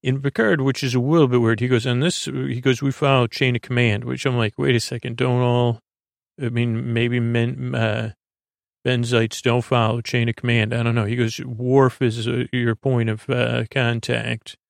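A man's voice: mid-range voice, little pitch movement, normal speed, creaky, no room sound, studio quality. A man hosting a sleep podcast, loosely retelling a TV episode in a meandering way, full of fillers and restarts. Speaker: podcast host. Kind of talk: rambling episode recap for sleep.

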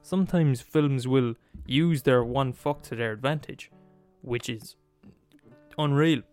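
Male podcast host, mid-pitched, sweary comic rant with faint guitar music underneath. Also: slow pace, darkish tone, no room sound. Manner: profane, emphatic, laughs at his own points. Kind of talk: comedic rant.

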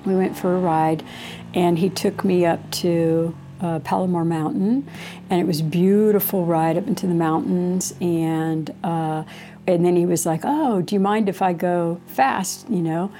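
A woman's voice: fairly low pitch, fairly even intonation, unhurried, mellow, a little hiss or hum. A middle-aged woman telling a rambling personal story in a casual way, acting out quoted lines as she goes. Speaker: interviewee.

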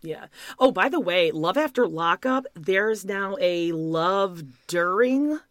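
A woman's voice: lowish voice, animated, slow, a bit bright, no echo, studio quality. A woman co-hosting a casual podcast, keen and running the segments, steering the chat down the list. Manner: enthusiastic, runs the show's segments. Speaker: podcast co-host.

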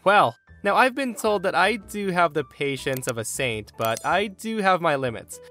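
A man hosting a podcast, reading a story aloud in a playful, animated way. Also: a little high. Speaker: podcast host.

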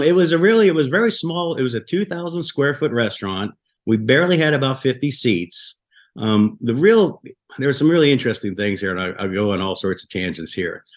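Podcast guest from buffalo telling long stories, keeps restarting sentences, mid pitch. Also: male voice. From Buffalo, New York, USA. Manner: rambling anecdotes with frequent restarts. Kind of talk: casual podcast storytelling.

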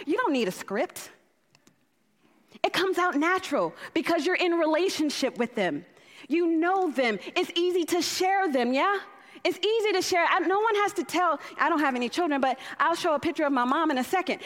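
A woman preaching with fervent, exhorting energy, her voice pitched high. She repeats phrases for emphasis, driving each point home. The sound carries a long reverb from a large church hall. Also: a bit bright. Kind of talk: sermon. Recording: echoey hall.

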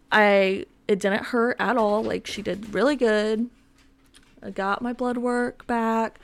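Young woman rambling on her podcast at home, lots of likes and ums, laughs at herself. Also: on the high side. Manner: rambling, filler-heavy, self-mocking. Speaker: podcast host. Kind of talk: casual solo chat. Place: home with dogs around.

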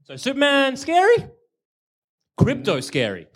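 A man in casual comedic banter, telling playful, animated stories among friends. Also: very high voice, a little slow.

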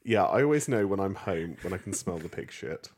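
A man's voice: sits low, lively intonation, darkish tone, slight background noise. A man with a southern English accent, co-hosting a podcast in casual, jokey chat and swearing freely. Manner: playful, jokey, quick to swear. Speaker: podcast co-host.

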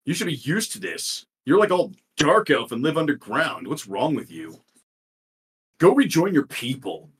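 Male GM, playful, animated, lively, a touch husky. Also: a little high, moderate pace. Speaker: guest game master. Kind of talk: running a tabletop game.

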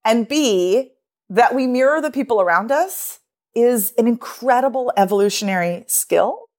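A woman's voice: fairly high pitch, animated, moderate pace. A woman guest on a podcast, recorded remotely, who explains and demonstrates voice habits as she talks. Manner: explanatory, demonstrates vocal techniques while talking. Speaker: guest author and voice coach. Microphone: remote recording over an online call.

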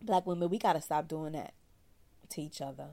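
A woman therapist tells her own story in a frank, animated, slangy voice. Her voice sits a little low for a woman. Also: fairly quick, vocal fry. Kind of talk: candid personal storytelling.

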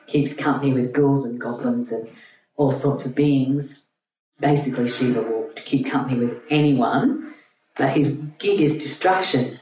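A woman's voice: extremely low pitch, darkish tone. A woman teacher retelling a myth to a group in a chatty, irreverent storytelling way. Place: room with an audience. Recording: roomy, distant mic, faint hum.

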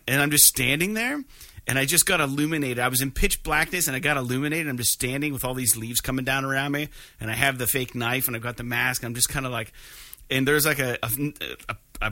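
A man's voice: mid-range voice, no room sound. A man hosting a podcast, telling a rambling story in casual chat with lots of fillers. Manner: animated, rambling with many fillers. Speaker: podcast host.

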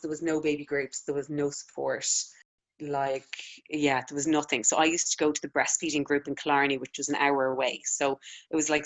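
She's a lactation consultant from Ireland in her thirties, chatting easily in an interview and peppering her storytelling with fillers, especially "like." The voice is low with a fairly bright tone.

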